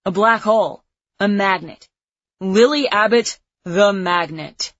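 A woman's voice: medium pitch, takes it slowly, no echo. A woman doing a smug teenage bully boy. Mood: mocking. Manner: mocking, showy. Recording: slightly muffled lo-fi recording.

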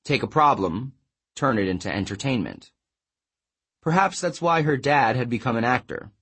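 A man reading a novel aloud as audiobook narrator, in a measured, even storytelling manner. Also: medium pitch, breathy edge. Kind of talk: scripted narration.

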